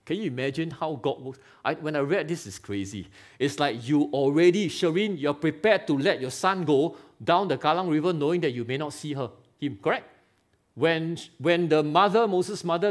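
A man preaching a lively sermon in Singaporean English, firing rhetorical questions and teasing members of the congregation by name. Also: on the high side. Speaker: pastor. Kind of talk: live sermon. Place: church hall.

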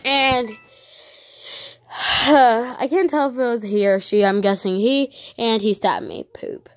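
A woman narrating her online game as she plays, excitable and easily frightened, giving running commentary. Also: on the high side, slow pace, dry recording. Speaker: gaming channel host. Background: dogs barking sometimes.

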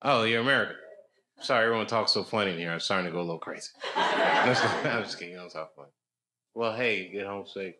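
A man's voice: on the low side, fast. A man doing stand-up, chatting and joking casually with the audience in a comedy club after a show. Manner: teasing, joking, playful banter. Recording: noisy club recording.

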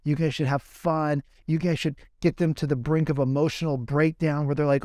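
A man's voice: fairly high pitch, steady tone, normal speed, few pauses, dark tone, dry recording, clean studio sound. A middle-aged man, a guest sales coach, talks through anecdotes and rhetorical questions and often acts out the other side of a conversation. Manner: fires rhetorical questions and acts out dialogue in quoted voices.

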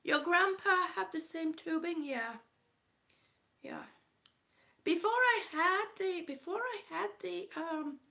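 A woman's voice: very high voice, pushed and bright. A woman from Kansas on oxygen, chatting casually to her live-stream viewers, short of breath and greeting them by name. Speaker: vlogger reading live chat.

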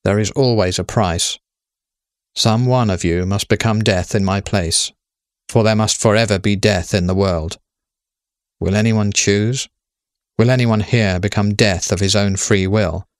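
A man's voice: on the low side, fairly even intonation, no room sound, studio quality, natural voice. A man reading as Death, a grave young lady. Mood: solemn. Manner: measured, solemn, pleading questions. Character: death as a golden-haired young woman, grave.

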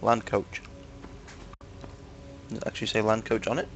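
A young man from Manchester hosts a gaming video, bantering with friends over gameplay with crude jokes and lots of fillers in a Manchester English accent. His voice is lowish, steady in tone, and moderately paced.

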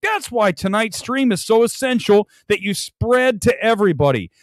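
A man's voice: high voice, no room sound. A male host ranting about a movie on a live stream, mocking it and laughing often as he talks. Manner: animated, mocking, laughs a lot while ranting.

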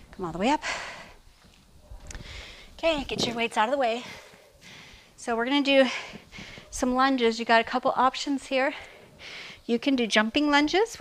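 A woman fitness coach leading a workout, counting reps and giving form cues, out of breath and breathy between sets. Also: fairly high pitch, fairly bright tone, a little hiss or hum.

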